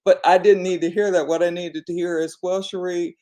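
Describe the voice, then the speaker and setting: A woman's voice: fairly low pitch, fairly even intonation, a little fast, warm tone. A woman talking casually to her viewers as an online business coach, encouraging them and speaking with many "you know" fillers. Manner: encouraging, addresses viewers directly. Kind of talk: casual reflective vlog talk.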